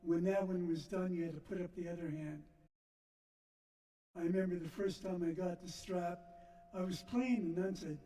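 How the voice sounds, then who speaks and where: An older man slowly recounting a personal story to a church gathering, halting and reflective. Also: high-pitched, fairly even intonation, mellow, a little hiss or hum. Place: church sanctuary. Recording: echoey church from a distance.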